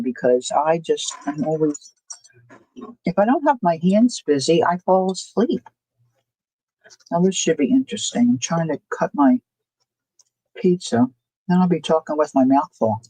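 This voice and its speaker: A woman's voice: sits low, lively intonation, unhurried, long pauses, darkish tone, breathy edge, no echo, poor audio. A woman hosting a crafting livestream, chatting casually, thinking aloud and answering viewer comments as she works. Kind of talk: casual chat while crafting.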